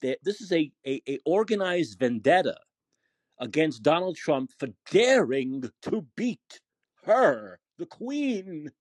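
A man hosts a call-in talk show with a husky, fairly high voice that swings widely in pitch. He rants with passion and keeps repeating phrases for emphasis. The sound is dry and close. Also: sing-song, slow pace, no echo. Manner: impassioned, repetitive ranting. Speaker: podcast host.

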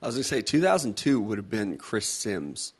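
A man's voice: fairly low pitch, sing-song, fairly quick, slightly rough. A man co-hosting a podcast, chatting casually about college football bets, teasing and laughing often. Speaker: podcast co-host. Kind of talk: casual sports betting chat.

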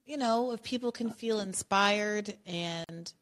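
Woman podcast host, thoughtful and conversational, middle pitch. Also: a bit bright. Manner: thoughtful, thinking aloud, quick to laugh. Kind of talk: casual podcast chat.

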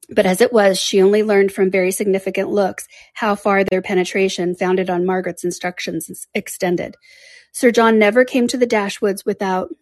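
A woman reading a classic novel aloud in a measured, careful way. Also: medium pitch, a little mellow, no echo. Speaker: audiobook reader.

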